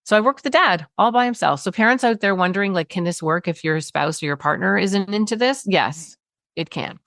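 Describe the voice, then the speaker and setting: A woman, a parenting expert telling stories in an interview, animated, acting out quotes and laughing often. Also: medium pitch, a little fast, no room sound, studio quality. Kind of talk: conversational storytelling interview.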